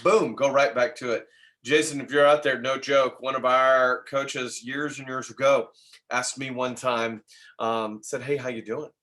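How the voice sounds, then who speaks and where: A man giving an energetic real estate sales training talk, tossing in tag questions and quick laughs as he goes. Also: medium pitch. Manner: energetic, acts out dialogue in quick asides.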